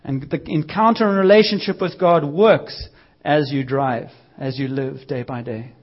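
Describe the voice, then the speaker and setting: A man preaching a sermon in a church, lively and using a prop as a visual aid. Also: fairly high pitch, unhurried, muffled recording.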